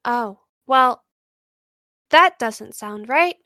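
A smug, all-knowing supercomputer, put on by a woman speaks in a bright, very high voice that swings widely. She is cheery and teasing, and she draws out every word slowly. The sound is dry and close. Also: animated, dry recording, full character voice. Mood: suspicious.

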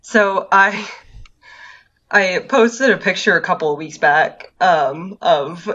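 Low-voiced woman on a dull lo-fi mic. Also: fairly bright tone. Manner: measured, explanatory, detailed. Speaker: podcast co-host. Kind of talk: casual chat.

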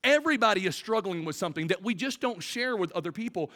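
Male pastor, forties, fairly high voice, conversational sermon, loud then hushed, long church-hall reverb. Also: lively intonation, fast. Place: church auditorium stage.

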